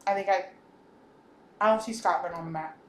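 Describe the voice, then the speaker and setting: An American woman co-hosting a podcast, chatting casually in a playful, animated way. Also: fairly low pitch, fairly quick, reverberant. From United States. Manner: animated, playful, bursts into song. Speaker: podcast co-host. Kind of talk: casual chat.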